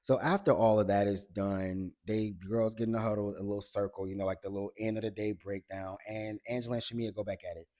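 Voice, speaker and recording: A man with a fairly low voice recaps a reality TV episode in a loose vlog. He is blunt and swears freely. He tells the cast members directly what he thinks and retells the drama like gossip to a friend. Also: fairly even intonation, quick pace, few pauses, mellow. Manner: blunt, profane, talks straight to the cast; retells scenes in chatty gossip style. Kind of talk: casual episode recap commentary.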